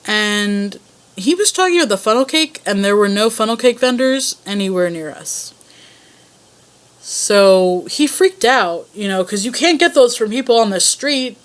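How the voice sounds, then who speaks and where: A woman's voice: medium pitch, animated, measured pace. Rambling young woman vlogger. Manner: rambling, self-conscious storytelling. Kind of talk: casual chat answering a voice tag.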